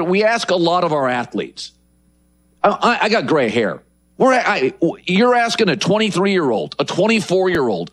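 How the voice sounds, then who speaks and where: A man's voice: high-pitched, a bit bright. A middle-aged man hosting a sports talk show, delivering an emphatic opinion monologue that builds lists for effect.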